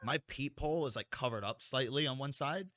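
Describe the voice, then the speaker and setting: A man's voice: mid-range voice, fairly quick, dry recording, clean studio sound. A young man co-hosting a podcast, telling a story in casual chat, swearing a lot and acting out what people said. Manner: animated, swears a lot, acts out quotes. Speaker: podcast co-host.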